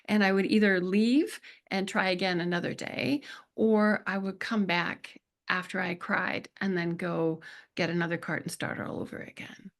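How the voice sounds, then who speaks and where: A middle-aged woman speaking as a podcast guest, telling personal stories in an earnest, emotional way with slow reflective pauses. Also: on the low side, fairly even intonation. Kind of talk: conversational interview.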